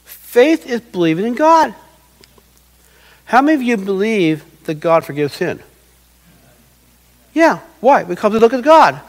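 A middle-aged male pastor delivers an earnest sermon in a high, light voice. He slips into little quoted voices to act out what people say, then comes back to plain teaching. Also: sing-song, unhurried, pauses often, rough recording.

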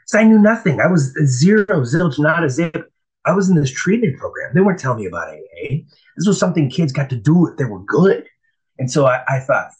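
A man telling his recovery story in a casual, profane, animated way. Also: on the high side, a little fast, low-quality recording. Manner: profane, animated, acts out voices in quotes. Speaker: speaker sharing a recovery story.

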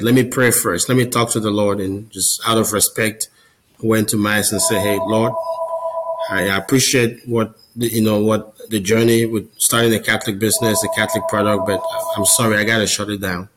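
The Catholic business founder's lowish voice comes across a bit bright on a rough recording. As a podcast guest, he tells his testimony in an earnest, conversational manner, repeating words as he goes.

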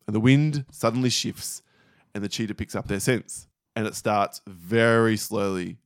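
A man's voice: lowish voice, moderate pace, no echo. A man co-hosting a podcast, telling jokes in casual banter with a dry, teasing manner. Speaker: podcast co-host.

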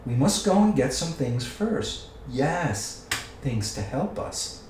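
A man's voice: medium pitch, sing-song, slow, a little mellow, recorded from a distance. A man voicing a slimy, wretched cave creature that hisses, whines and calls itself precious. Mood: hissing, wheedling. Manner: hissing, whiny, talks to himself as "precious". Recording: echoey room, away from the mic.

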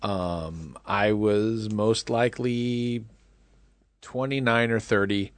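A man's voice: on the low side, steady tone, slow pace, no room sound. A man in his forties co-hosting a casual movie chat podcast, wry and conversational. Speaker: podcast co-host.

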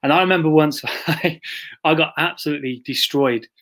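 A man's voice: on the high side, fairly quick, fairly bright tone. Man telling a military anecdote. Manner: chatty anecdotal storytelling with laughs, quoting others. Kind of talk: casual podcast chat.

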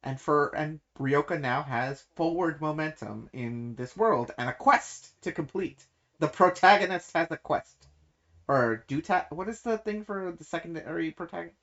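A woman co-hosting a casual book discussion podcast, talking in animated, quick bursts and laughing often. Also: low-pitched. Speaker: podcast co-host. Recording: dull lo-fi sound.

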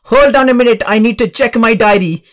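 Lady doing her older indian-accented mum, kinda proper, a bit higher and louder. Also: fairly quick, natural voice. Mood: businesslike.

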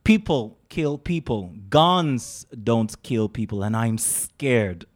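A man's voice: mid-range voice, expressive, slow pace. A man from Calabar with a Nigerian accent, performing spoken-word poetry with dramatic emphasis and rhythmic repetition.

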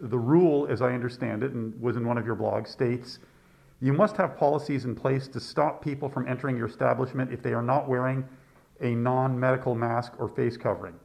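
A man's voice: medium pitch, steady tone, fairly quick, vocal fry, a little mellow. A man hosting a local podcast, chatty and wry, his voice slightly muffled by a mask as he narrates and asks questions. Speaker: podcast host.

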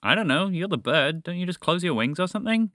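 A man's voice: high voice, lively intonation, fast talker, a bit bright, no echo, clean studio sound, pitched above the performer's own voice. A man voicing a curious, polite young girl in a storybook podcast. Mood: impatient. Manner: questioning, polite.

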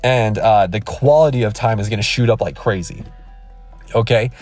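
A man's voice: fairly low pitch, normal speed, darkish tone, dry recording, faint music behind. A man in his thirties, a podcast host, giving an emphatic, rambling motivational rant from his car, recorded on a phone. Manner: emphatic, repetitive, rambling with restarts. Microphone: iPhone.

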